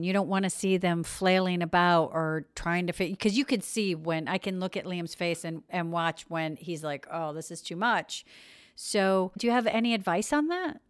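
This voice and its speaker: A woman's voice: mid-range voice, clear, resonant tone, dry recording, clean studio sound. A woman hosting a podcast and speaking as a parent, asking earnest questions and often searching for her words. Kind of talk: podcast interview.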